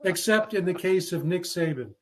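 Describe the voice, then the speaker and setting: A man hosting a sports talk show, with a slightly high-pitched voice. He talks casually, rambling and joking, stopping often to restart his sentences. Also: expressive, over a noisy crowd. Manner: rambling, jokey, halting with fillers. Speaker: podcast host.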